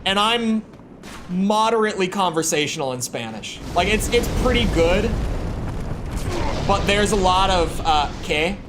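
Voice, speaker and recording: A young American man with a high-sitting, expressive voice chats casually with his stream chat, speaking a little slowly. He rambles and stumbles, repeating words as he starts sentences, with background noise clearly audible.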